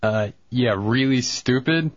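A man's voice: medium pitch, takes it slowly, no echo, lo-fi sound. Male radio regular, offhand, dry muted mic. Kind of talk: casual radio talk.

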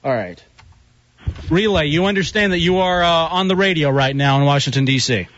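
A man's voice: fairly high pitch, fairly quick, a bit bright. A man hosting a radio show, joking and giggly in loose banter. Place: radio studio. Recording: muffled lo-fi radio recording.

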